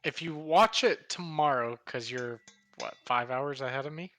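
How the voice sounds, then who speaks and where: A man's voice: medium pitch, normal speed, sharp tone. A man chatting casually as a guest on a livestream, blunt and teasing. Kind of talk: casual chat.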